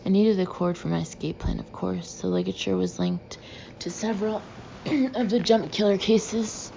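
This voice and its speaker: Gravelly-voiced woman narrating an audiobook. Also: medium pitch, sing-song, moderate pace, dark tone. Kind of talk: first-person audiobook narration. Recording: slightly dull with faint hiss.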